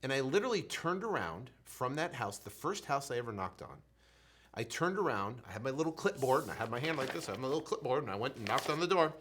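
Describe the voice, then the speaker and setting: A man in his thirties, a real estate coach, telling his story in an animated motivational way, swinging between loud and soft and acting out his own stammering. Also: mid-range voice, quick pace, a little hiss or hum.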